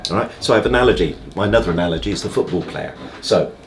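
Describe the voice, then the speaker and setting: Man, very low voice, emphatic, fond of analogies, interview guest, faint background noise. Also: animated, rapid-fire. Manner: emphatic, full of analogies, keeps checking "all right?". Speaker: magician guest. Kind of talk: conversational interview. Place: upstairs dressing room.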